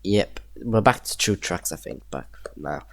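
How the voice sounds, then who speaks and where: A deep voice with lively intonation, a little slow and free of echo, belongs to a young gameplay creator with a Yorkshire accent. He chats casually to himself while building a train map, chuckling now and again.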